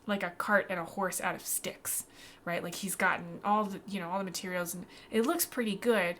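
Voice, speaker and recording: A woman running a tabletop game as game master, narrating scenes in a lively, animated way. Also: mid-range voice, a little fast, slight background noise. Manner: lively, animated, voices many characters.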